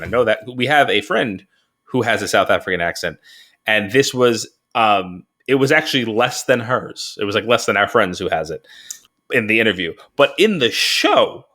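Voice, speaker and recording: A man's voice: lowish voice, expressive, moderate pace, pushed and bright. A man co-hosting a podcast, chatting casually and acting out his own reactions with laughs. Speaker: podcast co-host. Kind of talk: casual chat.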